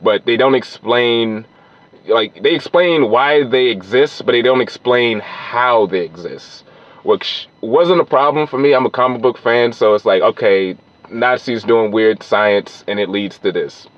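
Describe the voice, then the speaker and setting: A man's voice: mid-range voice, unhurried, no room sound, highs cut off. Rambling man reviewing a film. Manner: rambling, loose, many fillers and restarts. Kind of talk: casual film review monologue.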